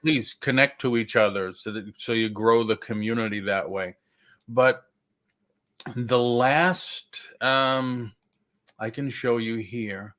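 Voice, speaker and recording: A man hosting a casual livestream chat, talking haltingly with many fillers and restarts. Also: mid-range voice, a bit bright. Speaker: livestream host.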